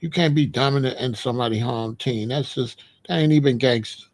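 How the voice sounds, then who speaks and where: Gravelly-voiced man ranting. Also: medium pitch, a little fast, darkish tone. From Chicago. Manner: blunt, streetwise, repeats phrases. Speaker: commentary host. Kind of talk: casual commentary monologue.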